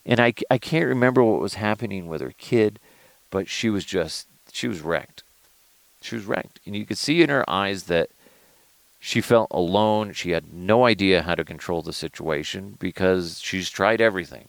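A man hosting a casual solo podcast from inside a car, telling profane, animated stories and laughing often. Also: sits low, moderate pace, creaky, no echo. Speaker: podcast host.

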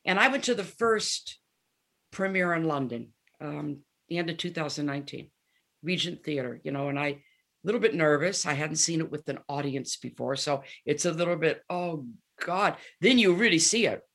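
A creaky, low voice at normal speed belongs to a seventy-year-old guest musician. Chatting casually in an interview, she animatedly tells stories and performs the dialogue.

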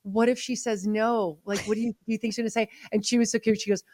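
A middle-aged woman chatting as a podcast guest, telling stories in an animated way and acting out what others said. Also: on the high side, fast, a little hiss or hum. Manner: chatty storyteller, animated quoting. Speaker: podcast guest, mother of the groom. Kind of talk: casual chat.

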